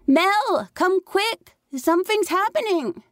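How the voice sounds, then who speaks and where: A woman's voice: very high voice, expressive, slow, dry recording, studio quality, pitched above the performer's own voice, full character voice. A woman voicing a frantic six-year-old boy who shrieks and pleads for help. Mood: panicked pleading.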